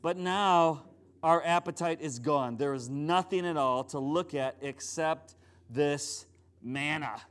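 A middle-aged male pastor preaching a sermon in a conversational, joking, animated way. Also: fairly high pitch, slow pace, clean tone.

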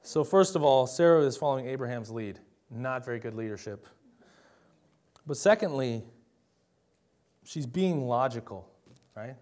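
A man's voice: mid-range voice, expressive, measured pace, pauses often, darkish tone. A young adult man preaching a sermon in a conversational, emphatic way, often asking the listeners rhetorical questions.

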